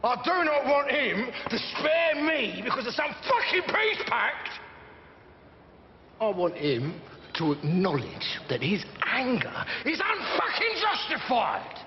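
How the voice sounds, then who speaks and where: An actor playing a volatile, swaggering middle-aged London gangster with a gruff, profane, rambling manner and a London accent. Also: male voice, extremely high pitch, huge pitch swings, slow pace, big-room sound, muffled recording, background noise, full character voice. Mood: ranting. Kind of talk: TV crime drama acting.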